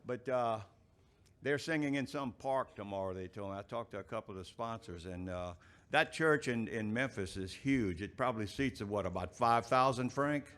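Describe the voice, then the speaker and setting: A man, the event's emcee, telling a joke in a rambling, halting way and chuckling at his own lines. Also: medium pitch, fairly bright tone.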